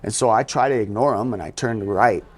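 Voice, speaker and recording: A fast-talking man from the US East Coast, with a voice on the low side, guests on an interview show and tells his life story. He keeps it casual and conversational, often saying "you know" and acting out quotes.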